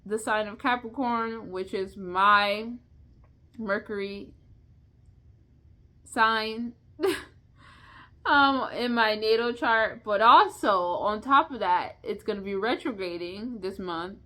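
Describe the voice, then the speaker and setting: A woman's voice: a little high, lively intonation, measured pace, bright, forceful tone. A young woman chatting casually in an unscripted vlog, rambling, restarting her words and laughing often. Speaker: vlogger.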